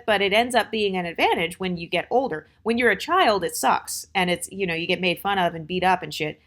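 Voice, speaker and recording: A woman's voice: fairly low pitch, fairly bright tone. Blunt, opinionated American woman host. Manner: blunt, opinionated, conversational with many fillers. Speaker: channel host. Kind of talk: casual advice monologue.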